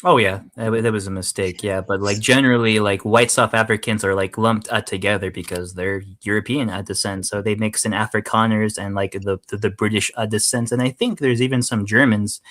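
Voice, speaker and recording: A man's voice: fairly low pitch, steady tone, a little fast, hardly any pauses, a bit bright. An American man from near West Virginia with a local accent, hosting a casual group voice chat and talking in a rambling, crude way with many fillers. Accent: American, West Virginia area. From United States. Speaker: host.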